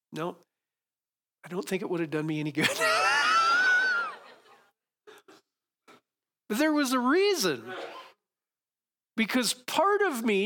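A middle-aged man preaching a sermon as pastor, telling a personal story with sudden loud emphatic peaks. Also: fairly high pitch.

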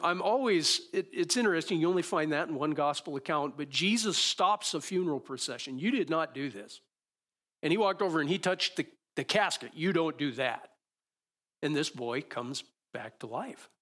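A man's voice: a little high, normal speed, fairly bright tone. A man preaching a sermon in a conversational, musing way, often restarting his sentences.

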